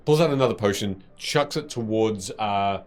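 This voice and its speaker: Low-voiced man running a tabletop game. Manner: halting, many fillers, laughs often. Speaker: game master.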